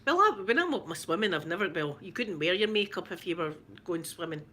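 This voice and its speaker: A middle-aged Scottish woman, a mother, chatting casually to camera and telling stories in an animated way, with lots of repeats. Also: on the low side, brisk, slight background noise. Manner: animated storytelling with laughs and repeats. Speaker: vlogger, mother.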